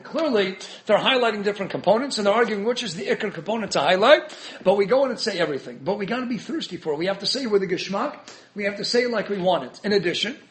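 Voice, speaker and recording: Man, rabbi teaching a Torah class, very high voice, quick delivery, animated, chuckling. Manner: animated, chuckling, mixes in Hebrew and Yiddish terms. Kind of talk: Torah lecture.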